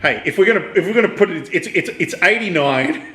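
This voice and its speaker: A man with an Australian accent co-hosting a casual pop culture chat, cutting in with quick remarks and frequent restarts. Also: sits high, expressive, fairly bright tone. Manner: quick interjections, restarts often. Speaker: co-host. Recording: echoey room.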